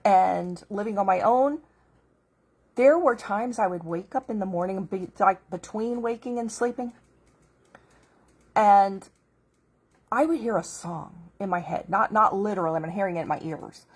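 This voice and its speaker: A woman's voice: mid-range voice, darkish tone, slightly rough. A middle-aged woman telling a heartfelt personal faith story in an earnest, casual way. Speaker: vlogger.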